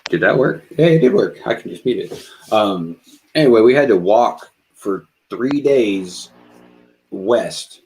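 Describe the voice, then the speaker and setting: Low-voiced man hosting a casual podcast. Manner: relaxed, profane, halting restarts. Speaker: podcast host, army veteran. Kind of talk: casual chat.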